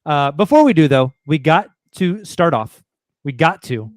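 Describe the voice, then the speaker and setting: A man's voice: fairly high pitch, lively intonation, unhurried, no echo. Upbeat joking male podcast host. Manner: upbeat, joking, reads sponsor spots. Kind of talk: casual chat.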